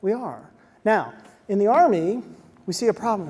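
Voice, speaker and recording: A man giving a motivational talk to soldiers, telling stories in an animated way and dropping to a soft hush at emotional moments. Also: sits high, normal speed, breathy edge. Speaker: speaker addressing soldiers. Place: large hall on a military base. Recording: long reverb of a large hall.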